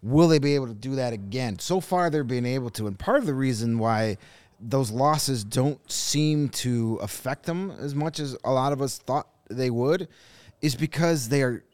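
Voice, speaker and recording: A man's voice: mid-range voice, moderate pace, a little mellow, no echo. Man giving hockey takes on a podcast. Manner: analytical, frequent restarts. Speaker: podcast co-host. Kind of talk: casual sports chat.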